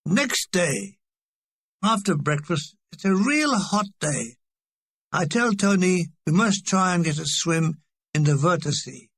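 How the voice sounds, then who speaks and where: A man's voice: high voice, sing-song, slow pace, a bit bright, husky, no room sound. A man reading a comic memoir aloud with a wry, dry delivery. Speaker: audiobook reader.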